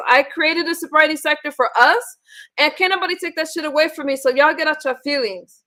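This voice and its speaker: High bright-voiced woman ranting. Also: quick pace. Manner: blunt, profane, irritated scolding. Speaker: host of a live online panel. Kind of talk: live-stream chat, ranting to viewers.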